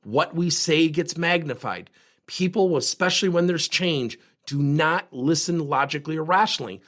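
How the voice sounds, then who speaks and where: A man's voice: a little high, moderate pace. A middle-aged man hosting his own coaching podcast, talking emphatically and driving his points home to listeners. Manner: animated, emphatic, acts out quoted dialogue. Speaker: podcast host and leadership coach. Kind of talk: solo podcast monologue.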